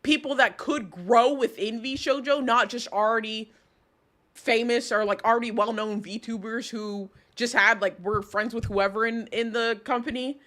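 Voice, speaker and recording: A woman's voice: fairly high pitch, steady tone, moderate pace, fairly bright tone. A young woman streamer giving casual live commentary, rambling and heated, with lots of restarts and swearing.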